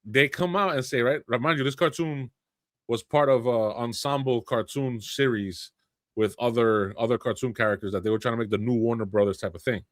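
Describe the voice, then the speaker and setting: A man co-hosting a gaming podcast tells a story in an animated way. He often restarts his sentences. His voice sits at a middle pitch, and the sound is dry and close to the mic. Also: fairly quick, no echo. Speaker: podcast co-host. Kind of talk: casual chat.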